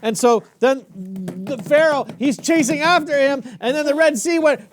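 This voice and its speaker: A man telling a story to a child with toys, chatty and animated, full of asides. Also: very high-pitched, normal speed, slight background noise. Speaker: storyteller uncle.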